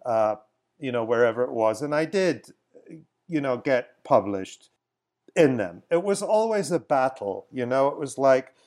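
A man's voice: mid-range voice, lively intonation, a little slow, a little mellow. Man as podcast guest, middle voice, thinks aloud, restarts a lot. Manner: reflective, often restarts sentences. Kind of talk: casual conversational answers.

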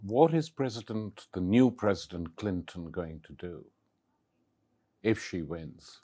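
Male interview host, slightly low pitch, prompting his guest with quick questions and short replies. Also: warm tone, slightly rough. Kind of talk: conversational interview.

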